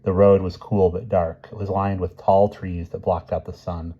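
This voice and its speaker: A man calmly reading a novel chapter aloud. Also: sits low, normal speed, husky, muffled recording. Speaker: reader.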